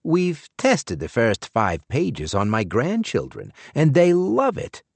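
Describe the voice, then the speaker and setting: A man voicing a shrunken elderly lawyer in an audiobook, proud and smooth-talking. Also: medium pitch, wildly swooping pitch, takes it slowly, a little mellow, no echo, voice pushed up, heavily acted. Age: older.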